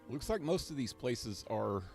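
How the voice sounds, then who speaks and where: Gravelly man rambling over game music. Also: mid-range voice, very animated, measured pace, a little mellow. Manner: rambling talk to himself, easily amused. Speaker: live streamer. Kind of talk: casual gameplay commentary.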